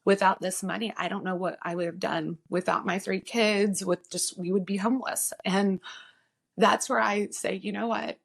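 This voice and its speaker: A woman guest on a podcast who speaks earnestly and reflectively, often pausing with "um" as she gathers her thoughts. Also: medium pitch, steady tone, vocal fry. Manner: earnest, reflective, pauses with frequent "um". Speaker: guest, insurance agency owner. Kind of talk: casual podcast conversation.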